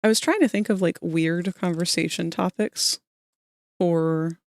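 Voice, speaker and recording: Low-key streamer musing while modeling. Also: a little slow, no room sound. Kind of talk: casual livestream chat while working.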